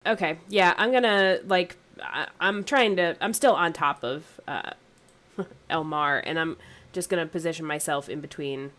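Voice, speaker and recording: A woman's voice: sits low, measured pace, fairly bright tone. A woman playing a tabletop game, talking casually and hesitantly. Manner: hesitant, restarts. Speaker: player.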